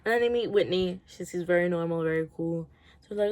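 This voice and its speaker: A woman's voice: lowish voice, brisk, a little mellow. A woman giving a casual, rambling rant review, swearing freely and laughing often. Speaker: book reviewer.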